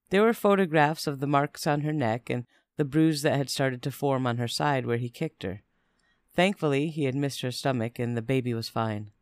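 A man narrating a first-person story in a steady, plain way. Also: mid-range voice, smooth, dry recording, studio quality.

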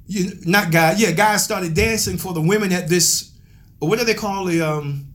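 A man pastor telling a story in a sermon, animated and laughing as he calls out to his members. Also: high-pitched, normal speed.

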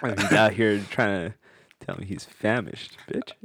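A man's voice: on the low side, slow pace, vocal fry, a bit bright, husky, no echo, clean studio sound. A young man co-hosting a casual chat, joking and swearing, laughing often between lines. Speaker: podcast co-host.

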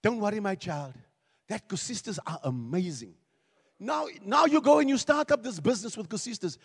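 High-voiced preacher in an echoey hall. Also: male voice, normal speed, creaky, husky. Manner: animated preaching, acts out quoted voices, repeats words. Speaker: pastor. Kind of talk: sermon.

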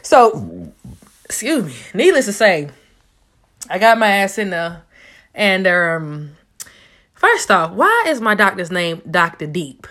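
A young woman in her twenties talks straight to her viewers in a loose storytime monologue. She is loud and profane, and she keeps leaping up into high-pitched squeals for emphasis. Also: very animated, unhurried, pauses often. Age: 20s. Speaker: vlogger.

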